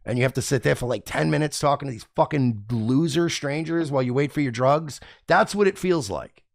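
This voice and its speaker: A man's voice: medium pitch, brisk, vocal fry, no room sound, studio quality. A man hosting a radio talk show, chatting in a blunt, profane, rambling way. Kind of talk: casual, crude talk-show banter.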